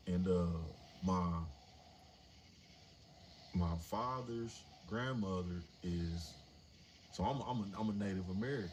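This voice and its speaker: A man in his forties telling a story casually and animatedly on a livestream, swearing freely. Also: low voice. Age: 40s. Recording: noisy livestream audio.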